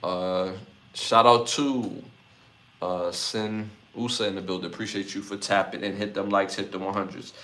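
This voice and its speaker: A man's voice: low voice, level tone, moderate pace, fairly bright tone. A man from Brooklyn, hosting a live podcast, reading out chat comments and repeating his lists. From Brooklyn, New York. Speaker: podcast host.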